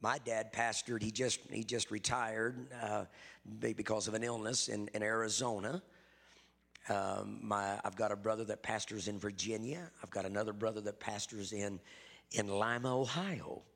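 Gravelly middle-aged pastor. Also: male voice, lowish voice, fairly even intonation, moderate pace, big-room sound. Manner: emphatic storyteller, swings between loud and hushed. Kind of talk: sermon testimony. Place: church service.

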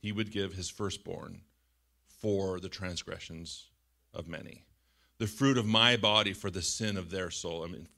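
Middle-aged male preacher, animated sermon delivery, bright forward tone. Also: low-pitched, a little slow, gravelly. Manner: animated, shouts out quoted lines, laughs often. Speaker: pastor.

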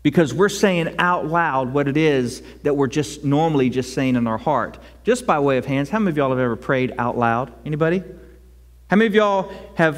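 A man preaching a sermon as pastor, conversational and animated, acting out prayers out loud. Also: on the high side, normal speed. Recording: long reverb of a large hall.

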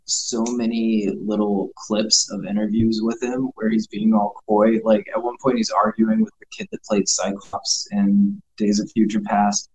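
Slangy man with a lowish voice. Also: level tone, a little slow, few pauses, a little mellow, rough recording. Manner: loose, filler-heavy, slangy. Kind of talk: casual chat.

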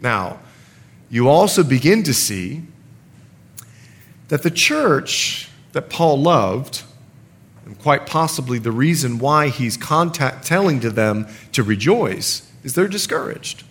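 A man's voice: medium pitch, very animated, takes it slowly, slightly rough. A middle-aged man preaching a sermon as pastor, reading scripture aloud with emphasis.

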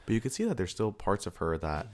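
A man talking casually about a film, enthusiastic and gushing, with quick affirmations. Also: lowish voice, very animated.

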